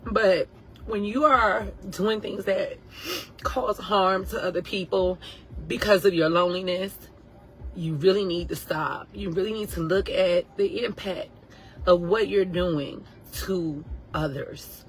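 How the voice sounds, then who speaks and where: A woman in her thirties, a nurse, telling a personal story casually to viewers, animated and emotional, acting out what others said. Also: medium pitch, slow pace, poor audio. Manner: animated, emotional, acts out quotes.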